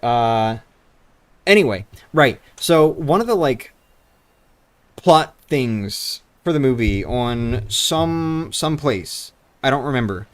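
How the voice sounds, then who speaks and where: Streamer, young adult male, rambling and casual, smooth clear voice, mid pitch, handheld mic. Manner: rambling, chatty, swears casually. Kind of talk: casual livestream chat. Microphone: handheld microphone.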